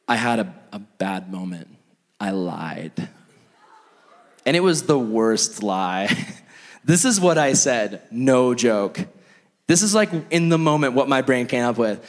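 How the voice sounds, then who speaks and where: A male pastor telling a sermon story in an animated, self-mocking way, acting out scenes, in a church hall. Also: mid-range voice, slow pace, pauses often. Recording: long hall reverb.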